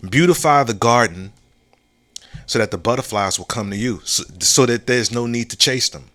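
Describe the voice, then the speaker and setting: A man hosts a solo podcast in a loose, reflective monologue. His voice has a bright, forceful edge at an ordinary middle pitch. He circles back to the same phrases, restarts sentences and keeps checking in with "you know what I'm saying?". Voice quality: laid-back, drawn-out phrasing with slang and restarts. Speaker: podcast host.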